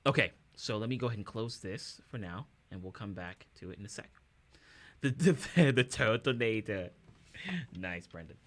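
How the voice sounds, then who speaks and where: A man's voice: on the low side, moderate pace, a bit bright. A man hosting a casual livestream, upbeat and chatty with his viewers, chuckling often. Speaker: streamer and musician.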